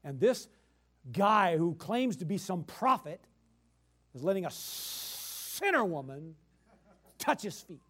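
A man preaching a sermon in a very high voice for a man. He hammers points through repetition and swings between loud emphatic bursts and quiet explaining. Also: very animated, takes it slowly, pauses often, breathy edge.

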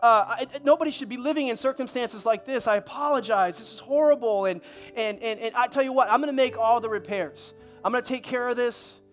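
Male preacher as polite, reassuring new landlord; high voice. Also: brisk, soft background music. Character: kind, well-dressed new male landlord.

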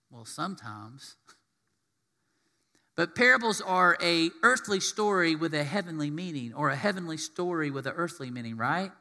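Bright-voiced man preaching a sermon. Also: on the high side, moderate pace, big-room sound. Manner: animated, acts out quotes in voices. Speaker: pastor.

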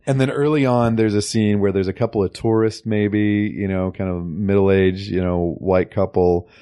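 A man's voice: lowish voice, steady tone, moderate pace, warm tone, clear, resonant tone, no echo. Man, podcast co-host, casual film chat, chuckling recaps, dry close sound.

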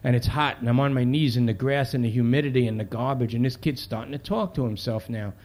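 A man's voice: mid-range voice, fast, a little mellow, close to an everyday voice. Brief: brash city cop, profane, talks in street slang; a male author reads him. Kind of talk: reading aloud from a novel.

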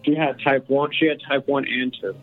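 A man putting on a deep gruff caller. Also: steady tone, normal speed, narrow, tinny audio, faint music behind, lightly acted. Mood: gruff, stubborn. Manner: blunt, cursing, stammering. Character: gruff male radio caller, ghoul fanatic.

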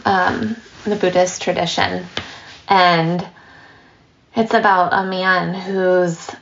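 A woman giving a dharma talk as a meditation teacher, relaxed and storytelling, with light laughs and asides. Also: lowish voice, muffled recording.

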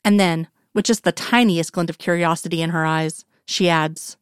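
A woman reading a story aloud in an even, measured narration. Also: fairly low pitch, clean tone, dry recording, studio quality. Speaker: reader. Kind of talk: storytelling narration of fan fiction.

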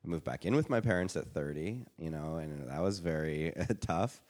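A man in his thirties from Canada, a podcast guest telling animated stories in casual chat and acting out what people said. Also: a bass voice, normal speed. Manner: animated storyteller, acts out quotes. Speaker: podcast guest, improviser and pianist.

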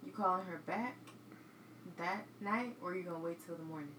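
A woman's voice: fairly low pitch, moderate pace, roomy sound, background noise. A woman co-hosting a casual podcast, laid-back as she sets up hypothetical scenarios and laughs along. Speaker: podcast co-host posing scenarios. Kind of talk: casual chat.

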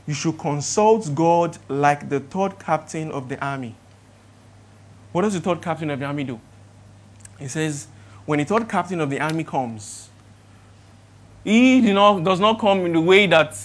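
A pastor with a Nigerian accent preaching a sermon, firing rhetorical questions at the listeners and swinging between loud emphatic build-ups and quiet, slowed-down points. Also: medium pitch. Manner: asks rhetorical questions of the congregation.

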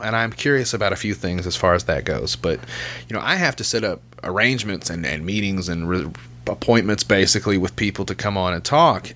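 A man's voice: lowish voice, a bit bright. A man hosting a podcast in casual chat, telling loose, profane stories and laughing as he goes. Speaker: podcast host.

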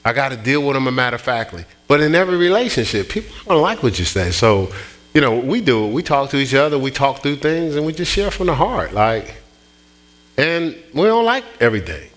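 A middle-aged man preaching a sermon, telling stories in an animated way with many restarts and repeats. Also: mid-range voice, a little fast. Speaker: pastor.

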